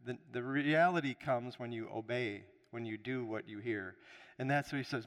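A man's voice: mid-range voice, moderate pace, in a large hall. A man preaching a sermon as pastor, with emphatic rises and frequent restarts.

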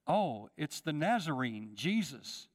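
A man in a church sanctuary preaches with a dramatic, rousing delivery, acting out the voices in the story and calling out to his listeners. His voice sits a little high for a man, and a long hall reverb trails after every phrase. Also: big pitch swings, takes it slowly. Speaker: pastor. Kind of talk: sermon.

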